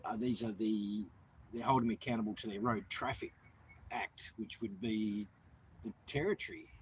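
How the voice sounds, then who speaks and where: An Australian man chatting on a casual livestream, blunt, sarcastic and quick to swear. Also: on the low side, steady tone, a little hiss or hum, rough recording.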